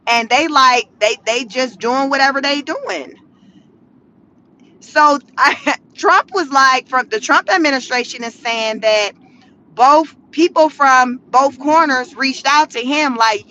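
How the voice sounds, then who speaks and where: A woman's voice: high-pitched, takes it slowly, bright, forceful tone, rough recording. A woman giving casual, slangy commentary from her car, with laughing asides. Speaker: vlogger.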